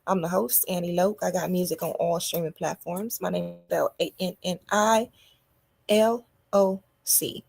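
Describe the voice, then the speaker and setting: A woman hosting a podcast, delivering a loud, animated comedic monologue to her listeners. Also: on the low side, moderate pace, vocal fry, slightly rough. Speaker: podcast host.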